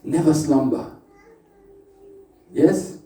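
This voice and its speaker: A man with a rather high but very dark, mellow voice gives a chatty talk to a group, often calling out to them for answers. He sounds set back from the microphone. The room has a roomy echo. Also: drawn-out words. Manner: playful, chatty, calls out to the audience. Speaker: speaker at a spiritual workshop. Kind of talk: informal lecture to a live group. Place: indoor meeting room with an audience. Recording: echoey room, voice from a distant mic.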